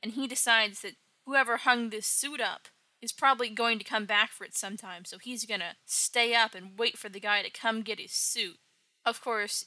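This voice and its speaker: A woman's voice: mid-range voice, bright, forceful tone, no echo. A woman casually recapping an old comic with wry, joking asides.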